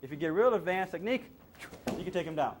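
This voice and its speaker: A man's voice: high-pitched, expressive, quick pace, background noise. A male self-defense instructor coaching a hands-on class with short, repeated commands.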